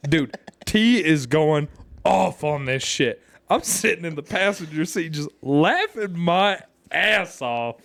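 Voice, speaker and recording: A man's voice: fairly high pitch, expressive, unhurried, vocal fry, a bit bright, no room sound. Profane man telling a rambling story. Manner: profane, rambling, laughs through his stories. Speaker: podcast co-host. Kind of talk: casual storytelling.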